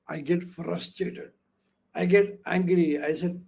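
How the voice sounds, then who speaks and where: Guy with a high voice teaching online, keeps asking questions, lots of okay and you know. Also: slow pace, vocal fry, breathy edge. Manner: acts out quoted speech with lively voices. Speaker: webinar trainer. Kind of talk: interactive online lecture.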